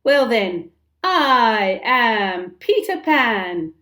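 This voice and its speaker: A woman's voice: very animated, very slow, echoey room, heavily acted. A woman doing a cocky crowing boy. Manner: high, bright, taunting. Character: cocky, boastful boy who crows and teases.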